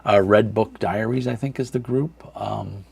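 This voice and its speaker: Gravelly, husky-voiced man chatting casually. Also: on the low side, steady tone, a little slow, a little mellow. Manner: rambling, many fillers, reads chat aloud. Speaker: livestream host. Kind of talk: casual live chat. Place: dark room at home.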